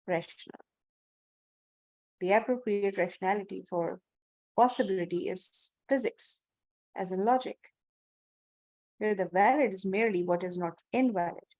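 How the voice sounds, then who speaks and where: Woman reading a book aloud, measured. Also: medium pitch, darkish tone, dry recording, rough recording. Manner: measured, careful reading with brief agreements. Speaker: reader in a book discussion.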